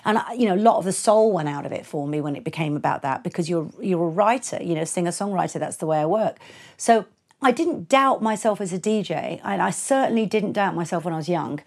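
A woman's voice: on the low side, lively intonation, fast, a little mellow. A middle-aged woman DJ being interviewed, telling stories frankly and animatedly, swearing freely and acting out the voices of people in her stories. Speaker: guest DJ and producer. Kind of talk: casual storytelling interview.

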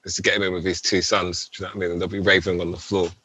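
A man's voice: sits low, level tone, rapid-fire, sharp tone, husky, no room sound. A man in his forties, a rave MC guest, chatting casually and rambling, often adding "do you know what I mean". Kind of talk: casual interview chat.

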